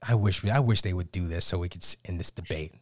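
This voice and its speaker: A low-voiced man talks fast in clean, echo-free studio sound, co-hosting a sports podcast. He rants animatedly about football in casual banter, restarting often and drifting into tangents.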